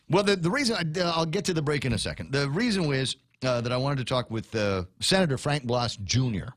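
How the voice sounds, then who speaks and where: A male talk radio host, ranting in animated bursts. His voice swings widely in pitch. The studio sound is dry and close. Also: a little fast, hardly any pauses, no room sound. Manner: animated, ranting, with many restarts. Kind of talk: casual talk radio rant.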